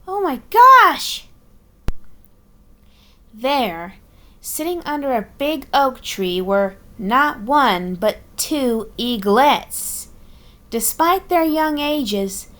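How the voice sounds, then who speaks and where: A woman narrating a fan-written audio story in a slow, deliberate storytelling manner. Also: on the high side, expressive, fairly bright tone.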